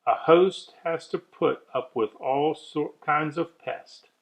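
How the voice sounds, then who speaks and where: Man reading a rhyming children's story, unhurried, mid pitch, expressive. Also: low-quality recording. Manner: measured, expressive rhyming delivery. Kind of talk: rhyming storybook read-aloud.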